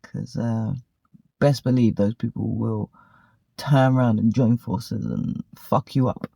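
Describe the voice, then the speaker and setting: Gravelly woman telling a story. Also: rumbling low, steady tone, slow, mellow, no room sound. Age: 40s. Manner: candid, profane, chatty with fillers. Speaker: vlogger. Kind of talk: casual storytelling monologue.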